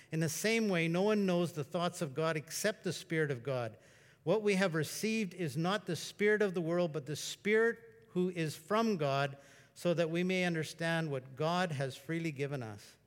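A man preaching a sermon in a conversational, storytelling way, at times breaking into excited exclamations. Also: a little high. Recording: long reverb of a large hall.

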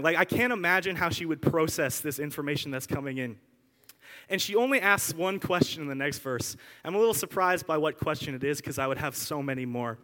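Young male preacher, fairly high and forceful voice, talky and animated, casual sermon delivery, long hall reverb. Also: brisk. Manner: animated, chatty, lots of asides and filler words.

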